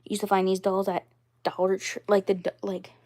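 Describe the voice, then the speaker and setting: A young adult woman chats about her doll collection in a loose, rambling way. She repeats herself often and leans on fillers. Her voice sits at an ordinary middle pitch. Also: monotone, fairly quick, dark tone. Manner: rambling and repetitive, many fillers. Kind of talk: casual doll-collection vlog.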